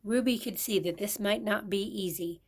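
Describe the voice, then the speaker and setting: An older woman, a grandmother, reading a children's picture book aloud with expressive storytelling. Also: mid-range voice, normal speed. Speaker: storybook reader.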